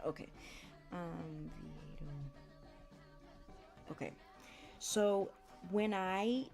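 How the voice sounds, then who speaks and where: A soft-spoken woman chatting casually as she draws, often murmuring half to herself. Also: sits low. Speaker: artist streamer. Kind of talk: casual chat while drawing. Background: background music.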